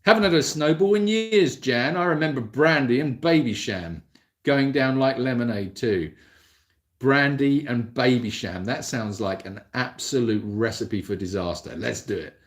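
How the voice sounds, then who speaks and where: With a mid-range voice at a moderate pace, a man answers viewer comments during a casual livestream Q&A he hosts from an animal sanctuary. Speaking into his mobile phone, he rambles and makes fun of himself.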